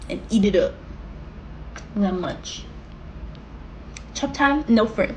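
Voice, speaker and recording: A woman chatting excitedly in a casual food vlog, gushing about a home-cooked meal. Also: medium pitch, takes it slowly, long pauses, slight background noise.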